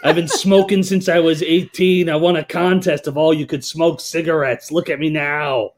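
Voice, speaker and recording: A man voicing a brash young female caller who is a heavy smoker, in a raised, drawn-out, cheeky delivery. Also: fairly high pitch, steady tone, voice pushed up, close to an everyday voice.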